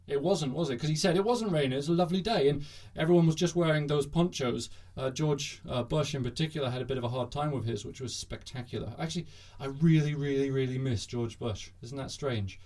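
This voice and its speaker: Male host, satirical news monologue, sarcastic and jokey, mid-pitched. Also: brisk, darkish tone. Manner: sarcastic, jokey, bursts into mock cheering.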